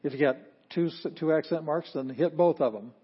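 A man teaching a class on Greek, explaining in a relaxed, plainspoken way with a chuckle now and then. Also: fairly high pitch, fairly quick, breathy edge, lo-fi sound. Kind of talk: classroom lecture.

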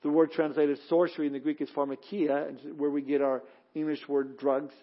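A man's voice: fairly high pitch, level tone, a little fast, muffled recording. A man preaching a sermon, reading scripture aloud and stressing points with emphatic exclamations.

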